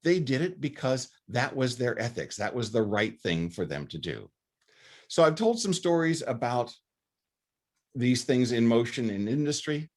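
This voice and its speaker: A man's voice: medium pitch, animated, measured pace. A man giving a faculty lecture in an earnest, conversational way, often restarting his phrases. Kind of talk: recorded lecture.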